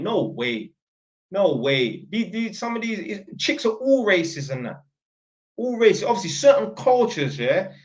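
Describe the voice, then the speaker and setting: A man's voice: high voice, highs cut off. A young man with a London accent telling a story and ranting in blunt, slangy, opinionated talk to his viewers. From North London. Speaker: channel host. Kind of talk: casual storytelling to camera.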